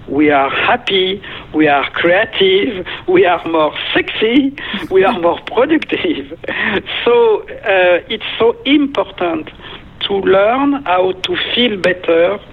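A man's voice: high-pitched, slightly rough. A man from France with a French accent, a meditation teacher and guest, speaking earnestly in short phrases. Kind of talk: phone-in interview. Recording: tinny phone line.

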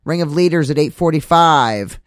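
A man's voice: a little high, moderate pace, no echo, studio quality. A man hosting a casual talk radio show, rambling with many fillers as he reads out upcoming gig listings.

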